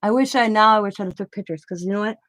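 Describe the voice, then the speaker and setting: A woman's voice: mid-range voice, racing, fairly bright tone, no echo. Chatty middle-aged woman, dry close sound. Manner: chatty, rambling, with frequent self-corrections and laughs. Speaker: craft vlogger. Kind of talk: casual storytelling while crafting.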